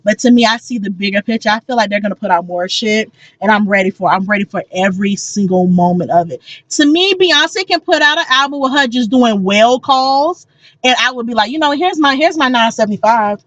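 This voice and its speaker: A woman co-hosting a casual chat podcast, telling stories in an excitable, profane, animated way. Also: on the high side, fairly quick, no room sound, muffled recording. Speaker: podcast co-host.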